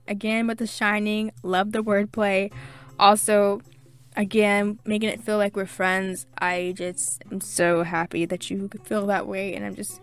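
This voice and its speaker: Young adult woman, podcast host, warm-hearted gushing read of listener reviews, medium pitch, light music bed. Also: steady tone, moderate pace. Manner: gushing, grateful, chatty with many fillers. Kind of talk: reading listener reviews aloud.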